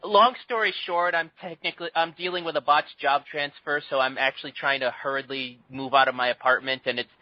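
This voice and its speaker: A man's voice: a little high, fairly even intonation, a little fast, hardly any pauses, dry recording, dull audio. A man co-hosting a casual gaming podcast, chatty and self-deprecating. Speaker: podcast co-host. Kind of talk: casual panel chat.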